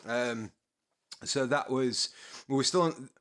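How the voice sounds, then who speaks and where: A man with a Yorkshire accent, a podcast guest telling relaxed, laughing stories in casual chat. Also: mid-range voice, slow. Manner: laid-back storyteller, laughs often, swears.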